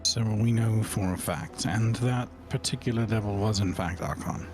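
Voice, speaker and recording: A man's voice: fairly low pitch, normal speed, over music, natural voice. A man voicing an earnest adventurer who delivers grim news plainly in a tabletop game. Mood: grave.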